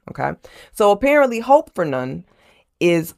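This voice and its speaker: Low gravelly woman hosting a horror book vlog. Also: normal speed. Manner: chatty, keeps checking in with "okay?"; animated, laughs while retelling. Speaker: host and horror book reviewer. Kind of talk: casual chapter recap.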